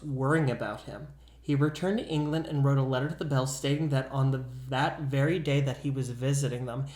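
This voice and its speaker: A man co-hosting a podcast, telling a ghost story in an animated, casual way and acting out voices. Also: mid-range voice, roomy sound. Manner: animated, acts out voices in quotes. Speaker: podcast co-host.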